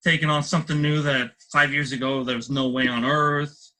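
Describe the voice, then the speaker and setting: A man's voice: medium pitch, level tone, moderate pace, bright, forceful tone, rough recording. A man hosting a podcast interview, asking long, rambling questions full of fillers.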